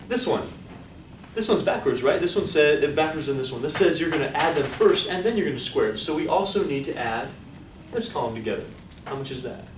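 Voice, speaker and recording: With lively intonation and a brisk pace, a man whose voice is on the high side delivers a statistics lecture. He keeps things upbeat, quizzing the class and nudging students toward answers. The audio has echo, background noise, and a distant mic.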